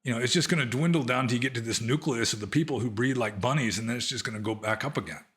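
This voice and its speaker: A middle-aged former monk with a mid-range, slightly bright voice answers listener questions quickly in a casual Q&A. He rambles conversationally and uses lots of fillers.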